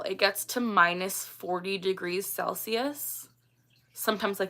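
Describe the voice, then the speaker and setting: A woman's voice: mid-range voice, sharp tone. A woman, hosting a casual livestream and chatting as she reads out and answers viewer comments. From Canada. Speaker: livestream host.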